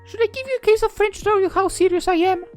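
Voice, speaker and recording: A man voicing a stubborn, hot-headed young woman in a story reading, talking in a loud, high, teasing and excitable way. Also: fast, faint music behind. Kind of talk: audio drama reading.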